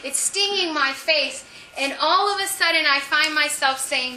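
A woman's voice: high voice, a little slow, bright, forceful tone. A woman sharing a testimony in a sermon, telling her story emphatically. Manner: emphatic storytelling, with frequent laughs. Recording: echoey room, speaker far from the mic, faint noise.

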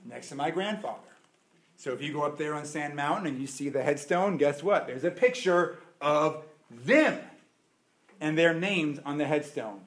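A man preaching a sermon as a pastor, emphatic, with dramatic pauses and swings between loud and soft. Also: on the high side, lively intonation. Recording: echoey room.

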